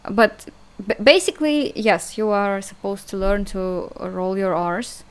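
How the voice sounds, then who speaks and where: Casting: young Russian-accented woman, native Russian, unhurried chatty online tutor, hesitant, mid-pitched. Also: clean tone. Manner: hesitant, chatty, laughs at herself, drawn-out sound demonstrations. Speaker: language teacher. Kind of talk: casual online language lesson.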